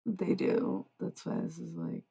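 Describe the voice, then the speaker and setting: A woman's voice: fairly low pitch, level tone, unhurried, vocal fry, dark tone, slightly rough, poor audio. A woman livestreamer in rambling casual chat, meandering and answering her chat as she goes. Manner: meandering, talks to chat, trails off.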